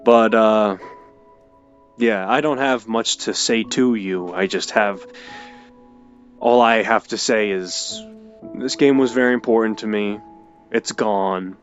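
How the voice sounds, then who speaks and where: A young man telling an emotional personal story, halting and hesitant with many restarts. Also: lowish voice, muffled recording, faint music behind. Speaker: video creator.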